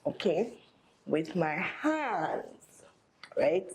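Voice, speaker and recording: A woman's voice: lowish voice, very animated, extremely slow, a little mellow, slight background noise, rough recording. A young woman chatting casually while doing her makeup. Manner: chatty, thinking aloud while applying makeup. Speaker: makeup artist vlogger. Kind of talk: casual get-ready-with-me chat.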